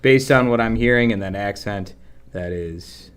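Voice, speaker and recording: A man's voice: lowish voice, normal speed, clean tone. Teasing, chatty man co-host. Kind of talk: casual sports chat.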